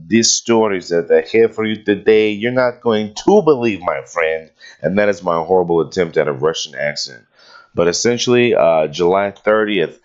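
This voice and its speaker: A deep, low-voiced male host rambles through casual commentary and pokes fun at the writing he reads aloud. The audio sounds dull and lo-fi. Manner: sarcastic, mocks what he reads aloud.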